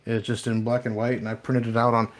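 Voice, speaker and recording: A man's voice: mid-range voice, monotone, fast talker. A man in a casual live chat, enthusiastic and jokey, given to exaggerated playful threats.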